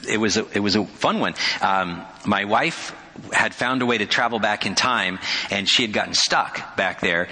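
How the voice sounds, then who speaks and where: A middle-aged male pastor delivers a sermon in a low, husky voice with a bright, forceful edge. He tells his stories with animated energy and drops in chuckling asides. The sound carries a long reverb, as in a church sanctuary.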